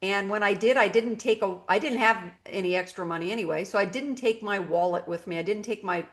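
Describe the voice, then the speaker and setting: A middle-aged woman telling her own business story with lively, animated storytelling. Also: mid-range voice, brisk. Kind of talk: personal testimony talk.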